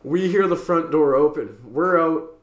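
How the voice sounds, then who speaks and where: Animated young man telling stoner stories in an echoey room. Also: a little high, unhurried. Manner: swearing, animated, laughs mid-story. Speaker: podcast co-host. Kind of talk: casual storytelling chat.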